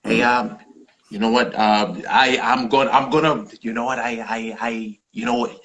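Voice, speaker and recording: A man voicing a charming, swaggering male movie star who talks haltingly with "huh?" asides. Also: medium pitch, steady tone, fairly bright tone, lightly acted, poor audio. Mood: reverent.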